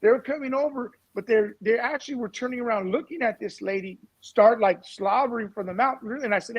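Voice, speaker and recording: High-voiced man telling a story. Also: fairly quick, few pauses, breathy edge, highs cut off. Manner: animated storytelling. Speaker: panelist. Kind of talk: casual talk-show discussion.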